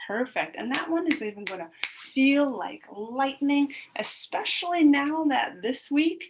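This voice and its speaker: A woman's voice: high voice, expressive, measured pace. A woman teaching a recorded phonics lesson to first graders, encouraging and sounding out each syllable.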